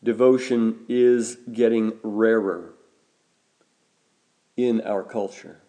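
A man preaching a sermon as a pastor, measured and deliberate, slowing down to stress key words. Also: on the low side, fairly even intonation, mellow.

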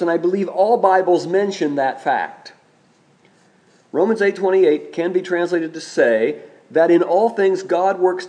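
A man preaching a sermon, speaking in a measured way, slowing down and repeating key phrases for emphasis. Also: a little high, a little mellow.

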